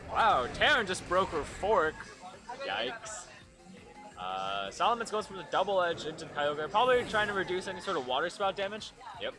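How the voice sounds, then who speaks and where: A male commentator calls a competitive game match live in a relaxed, filler-heavy way. His voice sits a bit on the high side. Music plays clearly behind him. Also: moderate pace. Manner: casual, filler-heavy play-by-play. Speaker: esports commentator. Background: music playing nearby.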